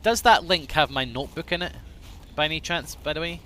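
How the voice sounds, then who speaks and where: A man's voice: on the high side, expressive, a little fast, fairly bright tone, slight background noise. A man chatting casually on a live game stream, rambling, self-deprecating and swearing freely, sometimes muttering to himself.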